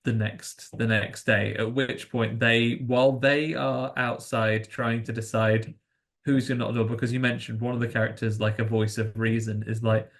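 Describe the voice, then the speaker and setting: Gravelly man on a film podcast. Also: medium pitch, flat delivery, normal speed. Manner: chatty, joking asides. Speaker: podcast co-host. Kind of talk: casual film discussion.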